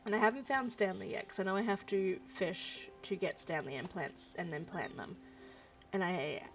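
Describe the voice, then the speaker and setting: Chatty woman streamer with a gravelly edge. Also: mid-range voice. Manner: chatty, musing, frequent ums. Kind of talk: casual let's-play commentary.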